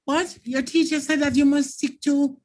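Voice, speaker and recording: A woman's voice: high-pitched, steady tone, normal speed, a little mellow. A Jamaican woman teacher running a live online exam-prep lesson, explaining patiently and thanking viewers by name.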